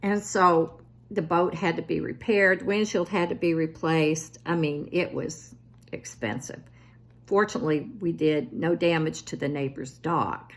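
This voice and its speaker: A woman's voice: deep voice, unhurried. A woman in her seventies telling family stories in a casual, self-deprecating vlog. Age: 70s. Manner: self-deprecating, animated when quoting family. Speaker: vlogger.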